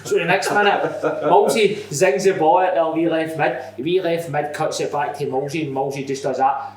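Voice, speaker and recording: Animated Scottish man, high voice. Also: normal speed, a crowd in the background. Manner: animated, sweary, laughs through his stories. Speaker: podcast guest. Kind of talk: casual anecdote telling. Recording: echoey room, distant mic.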